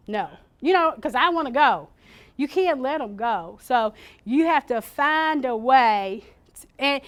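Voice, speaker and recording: A woman with a high-sitting voice leads an informal care-training workshop. She's chatty and animated, acting out small scenes punctuated by sudden loud bursts.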